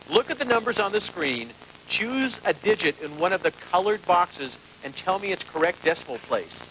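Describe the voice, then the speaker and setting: A man's voice: high-pitched, animated, brisk, bright, forceful tone, a little hiss or hum, rough recording. A man hosting a TV game show, joking and teasing the contestants. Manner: jokey, teasing banter with contestants. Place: TV studio.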